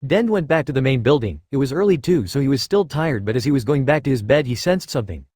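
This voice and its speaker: A man narrating a fan-written story aloud in a steady, even way. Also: mid-range voice, fast talker, dry recording, studio quality. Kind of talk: reading fan fiction aloud.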